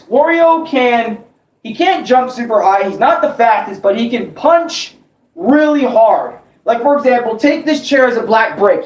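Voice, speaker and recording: Rambling, excitable young gamer guy. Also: extremely high pitch. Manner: rambling, excitable, swears a lot, repeats himself. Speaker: gaming vlogger. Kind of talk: casual game review rant. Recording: roomy echo.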